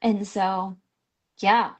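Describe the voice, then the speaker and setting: A middle-aged woman, a picture book author, chatting as a guest and telling an animated story full of "like" fillers and laughter. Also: mid-range voice, extremely slow, a little hiss or hum. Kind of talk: casual chat.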